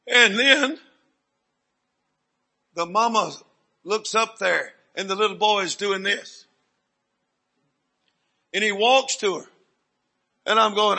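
Gravelly high-pitched preacher. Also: male voice, slow, long pauses. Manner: dramatic storyteller, sudden swings from hushed to loud. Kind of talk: sermon testimony storytelling.

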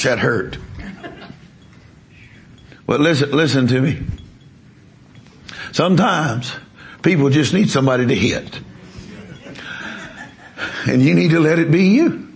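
Gravelly preacher man. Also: mid-range voice, lively intonation, slow, pauses often. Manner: emphatic, repeats words as he builds a story. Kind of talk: sermon storytelling.

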